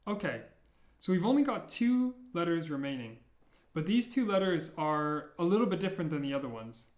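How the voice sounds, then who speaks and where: A man teaching the sounds of an alphabet, repeating each one slowly and clearly, with playful memory tricks. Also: fairly high pitch, very animated, roomy sound. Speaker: language teacher. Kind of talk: slow, deliberate pronunciation lesson.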